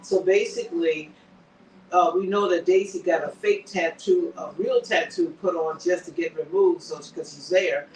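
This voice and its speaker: A man hosting a casual TV recap chat, animated and acting out characters' lines as he retells scenes. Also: fairly high pitch, normal speed, a little hiss or hum. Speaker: show host. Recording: echoey room, distant mic.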